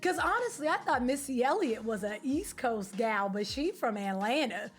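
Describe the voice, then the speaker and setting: A woman streamer chatting casually with her live viewers, animated, slangy and opinionated. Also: a little high, moderate pace, soft background music. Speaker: game streamer.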